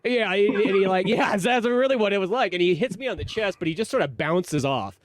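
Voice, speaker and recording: A man's voice: sits high, expressive, a little fast, no echo, clean studio sound. A man co-hosting a podcast in casual chat, crude and rambling, often laughing. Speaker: podcast co-host.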